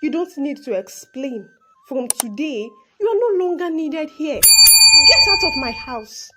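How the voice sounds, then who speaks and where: A woman voicing a harsh rich woman who shouts orders at her maid. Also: high-pitched, big pitch swings, unhurried, a little hiss or hum. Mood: furious. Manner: shouting, scornful.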